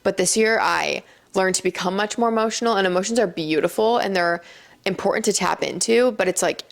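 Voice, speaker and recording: A woman's voice: medium pitch, brisk, gravelly. A young woman vlogger talking earnestly to her viewers in a casual, reflective way, full of "like" fillers. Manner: chatty, earnest, frequent "like" fillers. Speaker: lifestyle vlogger. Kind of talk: casual reflective talk to camera.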